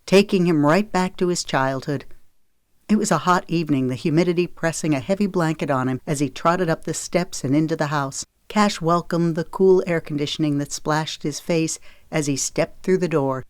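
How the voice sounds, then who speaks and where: A woman narrating a romance audiobook in a steady, measured storytelling voice on a close studio mic. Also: deep voice, no room sound. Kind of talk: scripted narration.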